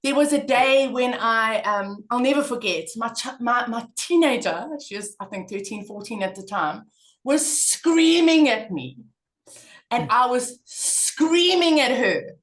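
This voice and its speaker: A woman's voice: fairly high pitch, unhurried. A middle-aged woman speaking in a conversational interview, telling stories with emphatic repetition. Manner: emphatic, animated storytelling with repetition. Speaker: parenting guest speaker.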